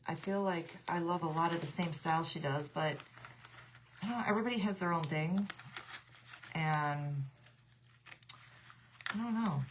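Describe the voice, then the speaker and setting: A woman's voice: fairly low pitch, fairly bright tone, a little hiss or hum. Chatty woman hosting a craft livestream. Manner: chatty, laughs often, reads out comments. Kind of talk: casual livestream chat with viewers.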